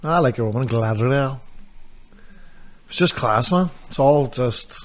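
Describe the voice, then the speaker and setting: A man chatting casually as a podcast co-host, easygoing and quick to laugh. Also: medium pitch, animated. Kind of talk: casual chat.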